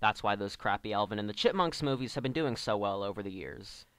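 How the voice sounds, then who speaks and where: A man's voice: fairly low pitch, lively intonation, a little fast, a bit bright, clean tone, no echo. A man delivering a scripted comedic review rant as an online reviewer, sarcastic and exasperated.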